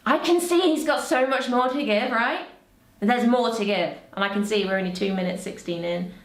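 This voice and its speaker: A woman's voice: a little high, moderate pace. A woman, a vocal coach, chatting casually and exclaiming as she reacts, with frequent laughs. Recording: echoey room.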